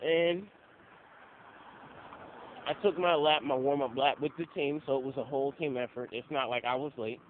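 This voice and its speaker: A man's voice: medium pitch, steady tone, moderate pace, long pauses. A young man tells casual stories in a loose, profane way and acts out the people he quotes. His voice comes through a narrow, phone-like recording with a faint hiss behind it. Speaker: interviewee. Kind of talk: casual storytelling. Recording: phone-like audio with faint noise.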